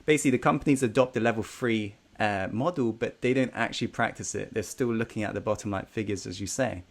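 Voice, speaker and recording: A man's voice: lowish voice, fast. A man hosting an interview channel, talking casually and hesitantly with many fillers.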